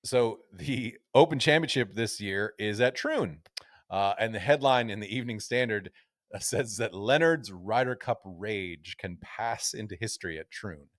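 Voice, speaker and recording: A man's voice: on the low side, normal speed, no echo, clean studio sound. A man co-hosting a casual golf podcast, reading newspaper quotes aloud in a storytelling way. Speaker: podcast co-host.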